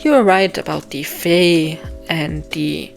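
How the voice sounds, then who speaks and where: A woman's voice: low voice, slow pace, vocal fry, soft background music, exaggerated voice. A woman voicing a secretive, theatrical grown man from her own novel, speaking coyly and dramatically. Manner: coy, theatrical.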